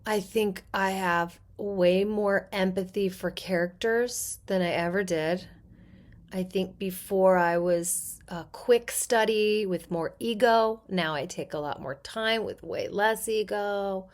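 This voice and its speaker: A woman's voice: medium pitch, slow. A middle-aged woman who works as an actor and therapist, talking casually as a podcast guest and acting out voices in her stories. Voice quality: character-actor voice. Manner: animated, acts out quoted voices in her stories. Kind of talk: casual interview talk.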